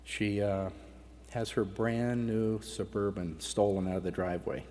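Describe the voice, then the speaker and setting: A middle-aged man speaks at a conference, giving a heartfelt personal testimony in a large hall, and his voice breaks with emotion now and then. His voice is dark and fairly low, with fairly even intonation and a measured pace. The recording carries a long hall reverb.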